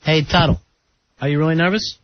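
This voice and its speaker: A man's voice: fairly high pitch, steady tone, brisk. A man hosting a radio show, bantering casually with callers in a teasing way. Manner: teasing, calls people buddy and honey. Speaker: radio host. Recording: muffled radio broadcast audio with faint noise.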